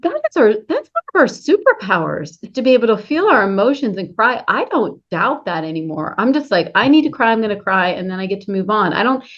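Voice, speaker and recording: A woman's voice: mid-range voice, big pitch swings, brisk, hardly any pauses. A woman hosting a casual conversation, speaking candidly and personally and laughing easily. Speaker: host. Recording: dull lo-fi sound.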